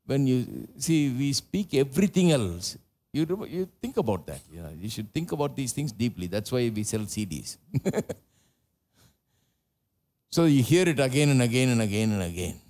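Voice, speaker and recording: A man with an Indian English accent preaches a sermon at a live church service. His voice sits at a middle pitch but keeps leaping up for loud, emphatic lines before settling back into low, conversational asides. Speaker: pastor.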